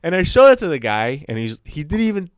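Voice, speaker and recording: Man telling a rambling story, lively pitch. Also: fast talker, no echo, studio quality. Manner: rambling storyteller, swears, acts out quotes. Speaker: podcast co-host. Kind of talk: casual chat.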